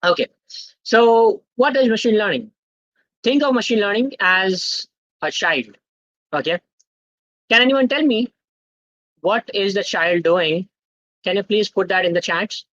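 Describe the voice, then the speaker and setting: A man's voice: high voice, expressive, measured pace, long pauses, a bit bright, no echo. A young man gives a live online lesson and keeps pulling the chat into the discussion. He constantly checks in with "okay?" as he explains. The sound is dry and a little muffled, like a computer mic on a video call. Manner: interactive, quizzes the chat, tags sentences with "okay?". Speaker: guest speaker at a student tech workshop. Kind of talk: live online teaching session.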